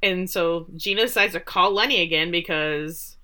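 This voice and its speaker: A woman's voice: on the low side, normal speed, sharp tone. A woman co-hosting a podcast, recapping a TV episode in a casual, chatty way with wry asides. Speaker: podcast co-host.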